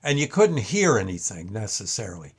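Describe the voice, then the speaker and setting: A man's voice: on the low side, big pitch swings, breathy edge. Older man reminiscing in a meandering way. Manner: meandering, halting storyteller. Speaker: show host. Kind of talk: casual reminiscence.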